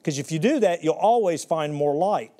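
Animated middle-aged preacher, higher voice. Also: male voice. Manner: animated storytelling with big swings in pitch and loudness; slows down to intone scripture. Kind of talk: sermon.

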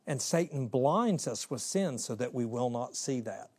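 A man preaching a sermon, emphatic, swinging between raised and hushed delivery and acting out little voices in his stories. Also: mid-range voice, animated, unhurried, slightly rough. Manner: acts out little voices of God, Satan and his kids.

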